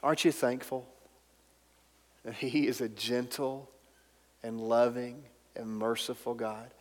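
A man's voice: medium pitch, flat delivery, slow pace. Man preaching in a reverberant hall. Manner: emphatic, drops to a soft intimate tone at times. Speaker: pastor. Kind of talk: sermon. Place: church sanctuary.

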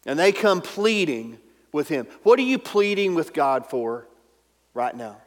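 A pastor preaching a sermon, emphatic and at times dropping to a soft, intimate tone. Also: male voice, fairly high pitch, sing-song, a little slow. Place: church sanctuary. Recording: long hall reverb.

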